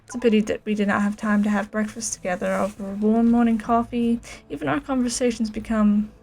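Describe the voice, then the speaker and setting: A woman's voice: medium pitch, steady tone, fairly quick, a little mellow, lightly acted. A woman voicing a haughty, scheming middle-aged male noble who talks down to his ward, reading game dialogue aloud. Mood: smug. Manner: smug, condescending.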